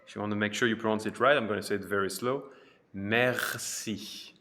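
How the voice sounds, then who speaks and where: A man teaching a pronunciation lesson, repeating each phrase slowly and carefully, with chatty teaching asides. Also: fairly low pitch, fairly bright tone. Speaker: French teacher.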